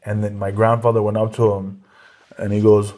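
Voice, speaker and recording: A man's voice: fairly low pitch, level tone, moderate pace, warm tone. A man who is a comedian, chatting casually as an interview guest, telling stories with lots of restarts and laughs. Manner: laughing, rambling storyteller with many restarts.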